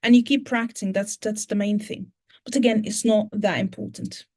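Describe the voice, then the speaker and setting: A woman's voice: medium pitch, fairly even intonation, moderate pace, mellow. A woman teacher trainer with a British English accent, answering audience questions at an online conference and explaining in steps, with many fillers and restarts.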